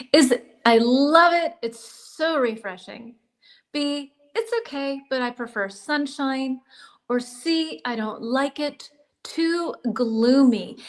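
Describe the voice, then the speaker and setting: An American woman hosting a live English lesson, chatting warmly with viewers and greeting them by name. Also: on the high side. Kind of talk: live-stream lesson, reading chat comments.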